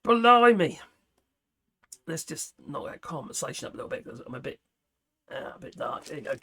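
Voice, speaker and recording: A man's voice: medium pitch, steady tone, quick pace, gravelly, fairly bright tone, slightly rough. A man, reviewing a product as he unboxes it, chatty and self-mocking, talking to himself while he fiddles with things.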